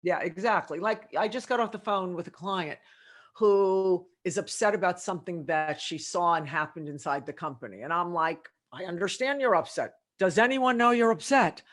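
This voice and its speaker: A woman's voice: on the low side, normal speed. A middle-aged woman, a leadership consultant, talking in a podcast interview and acting out conversations as she tells stories. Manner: animated storytelling with quoted dialogue.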